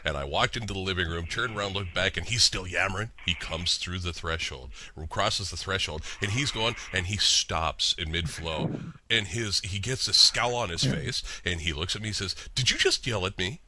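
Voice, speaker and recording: Male radio host, deep and sharp-edged, enthusiastic, faint background noise. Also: moderate pace. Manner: enthusiastic, animated storyteller. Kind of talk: casual radio chat.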